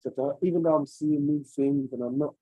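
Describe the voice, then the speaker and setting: A man's voice: on the high side, steady tone, brisk, mellow, no room sound, low-quality recording. A man on a video call, sharing a personal story in an earnest, searching, rambling way. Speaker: webinar participant.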